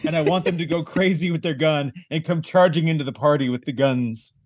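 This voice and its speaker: A male tabletop player who eagerly describes his character's actions in a slightly high voice. The recording is dry and close, with no room sound. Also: brisk, dry recording. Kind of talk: tabletop role-play.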